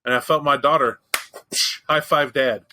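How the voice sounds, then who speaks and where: A man hosts a show in easy, casual chat. His voice is bright and forceful. He tells his story bluntly, swears freely and jokes as he goes. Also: mid-range voice, fairly even intonation, normal speed, slight background noise, low-quality recording. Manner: candid, profane, joking storyteller. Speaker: podcast host.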